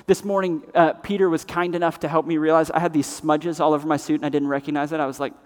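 A man preaching a sermon as pastor, swinging between loud emphatic passages and hushed, grave ones. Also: on the high side, flat delivery, fast talker. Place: church sanctuary. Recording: long reverb of a large hall.

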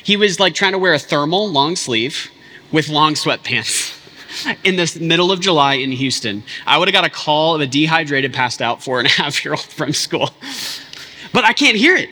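High, bright-voiced preaching man. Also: lively intonation, normal speed, big-room sound. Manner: impassioned, conversational, lots of "like" asides. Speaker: pastor. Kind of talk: sermon.

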